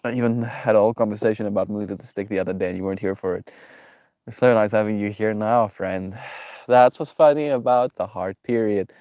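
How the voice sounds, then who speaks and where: A man's voice: lowish voice, fast, darkish tone, no room sound, studio quality. A man with a stuffy nose chatting casually on a live stream, reflective and affectionate, reading viewers' names aloud and musing about life.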